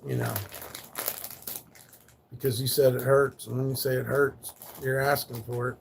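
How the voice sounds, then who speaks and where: A man's voice: medium pitch, little pitch movement, moderate pace, gravelly, a little hiss or hum. A man telling rambling, profane stories on a casual livestream, laid back and loose. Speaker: live streamer.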